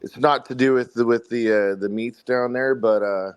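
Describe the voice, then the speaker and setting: A man from South Carolina with a faint Southern accent, telling the story behind his song in a relaxed, rambling way during a casual interview. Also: medium pitch, normal speed, clean tone, muffled recording. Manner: rambling, friendly storytelling with fillers. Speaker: songwriter guest.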